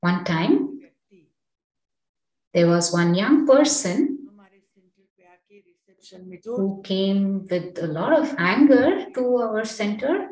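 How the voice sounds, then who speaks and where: Woman meditation teacher, very slow and calm, recorded from a distance in a roomy hall. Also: mid-range voice. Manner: calm, unhurried storytelling. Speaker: meditation teacher and center director. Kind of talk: spiritual talk with personal stories. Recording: roomy sound from a distant mic.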